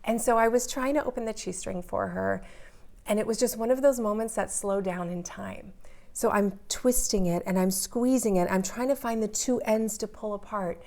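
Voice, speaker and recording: A woman's voice: medium pitch, normal speed, creaky, a little mellow. Earnest woman telling her story. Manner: earnest, vivid storytelling, building intensity. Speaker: interviewee. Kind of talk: personal story in an interview.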